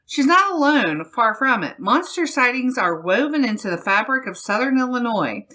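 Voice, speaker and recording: A woman podcast host reading a news article aloud in a slow, deliberate way. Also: a little high, very animated, sharp tone. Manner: slow, deliberate reading with laughs between phrases.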